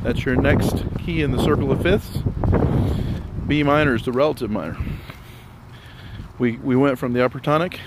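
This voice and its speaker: A man talks through a music theory lesson in a relaxed, step-by-step way, a little out of breath, his voice at an ordinary middle pitch. He is recorded outdoors, with loud wind and the rumble of vehicles behind him. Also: normal speed, pauses often. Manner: explains step by step, rambling and relaxed. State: slightly out of breath. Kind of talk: casual spoken theory lesson.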